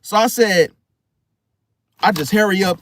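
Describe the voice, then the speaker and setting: A man's voice: high-pitched, measured pace, a little hiss or hum. A man casually telling a story in slangy talk and acting out the quoted lines. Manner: animated, slangy, acts out quotes. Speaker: podcast host.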